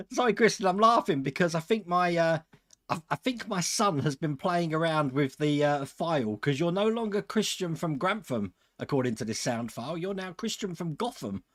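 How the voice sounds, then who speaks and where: Host, male, fairly high voice, casual and chatty with viewers. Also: lively intonation, moderate pace. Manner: chatty, chuckles often, talks to viewers. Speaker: host of a model-building channel. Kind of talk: casual live stream chat.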